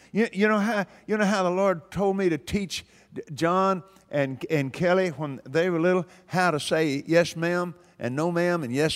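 A man's voice: fairly high pitch, clear, resonant tone. An older man preaching a sermon in a folksy, emphatic way, repeating phrases for stress. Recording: long hall reverb.

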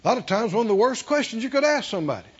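A man's voice: very high voice, big pitch swings, racing, slightly rough, highs cut off. An older man preaching a sermon, with a drawling delivery and frequent chuckles.

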